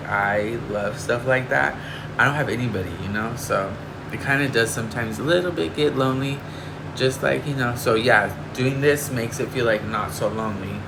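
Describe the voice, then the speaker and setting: A man from Northern California chatting casually with livestream viewers, confiding and emotional, rambling with lots of fillers. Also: mid-range voice. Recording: air conditioner hum behind.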